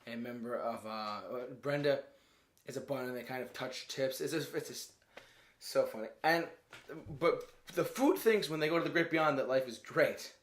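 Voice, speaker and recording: A man talks through a movie in a loose, rambling review, hunting for words and breaking into laughter. His voice sits at an ordinary middle pitch for a man. The recording has a noticeable roomy echo. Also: normal speed.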